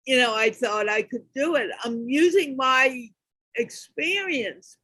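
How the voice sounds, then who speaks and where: A woman's voice: on the high side, no room sound, low-quality recording. A woman hosting a talk show, speaking earnestly and breaking into exclamations when she acts out her examples. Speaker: host. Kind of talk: casual talk show chat.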